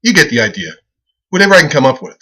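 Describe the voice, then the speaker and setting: A comedian rambling casually as he pitches a website, profane and excitable, who keeps breaking into laughter at his own jokes. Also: very fast, poor audio. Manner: profane, excitable, loose storytelling.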